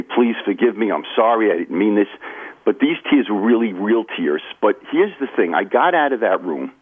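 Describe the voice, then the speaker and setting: A man's voice: fairly low pitch, husky. A man, telling his recovery story in an earnest, confiding way during a radio interview. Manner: earnest, confiding, addresses host by name. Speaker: author and recovery guest. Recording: phone-line audio.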